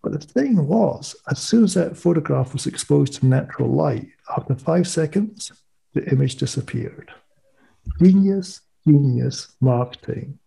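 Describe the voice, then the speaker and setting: A man with a Scottish accent, a guest telling stories in a lively, witty way during a casual podcast interview. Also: on the high side, moderate pace, creaky. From Scotland. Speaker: guest, music economist and author.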